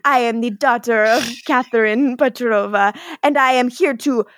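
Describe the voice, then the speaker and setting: A woman's voice: fairly high pitch, moderate pace, no echo, studio quality, natural voice. A woman voicing a stiff young female vampire who formally announces who she is, in a put-on foreign accent. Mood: declaiming. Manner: formal, declaiming, breaking into laughter.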